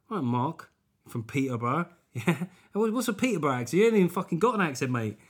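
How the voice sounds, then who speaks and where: Man, podcast host, tired, casual, a bit high-voiced, sweary banter. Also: sing-song, fast talker, breathy edge. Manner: swearing, chatty, self-mocking. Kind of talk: casual chat.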